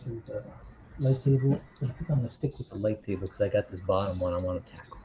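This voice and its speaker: Male streamer, relaxed, offhand, dull lo-fi mic, faint hiss. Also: on the low side, fast talker. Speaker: streamer and artist. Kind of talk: casual livestream chat.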